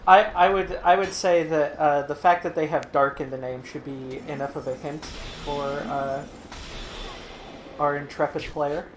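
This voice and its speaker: A man's voice: a little high, fairly even intonation, measured pace, a little hiss or hum. A man hosting a game playthrough, making dry, wry remarks with mild hesitations. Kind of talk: casual group commentary over gameplay.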